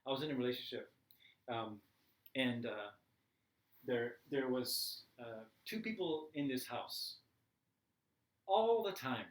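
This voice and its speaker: A man teaching a live class, telling a personal story in a candid, animated way with frequent "right?" asides. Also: mid-range voice, measured pace, pauses often, reverberant, low-quality recording. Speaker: meditation teacher.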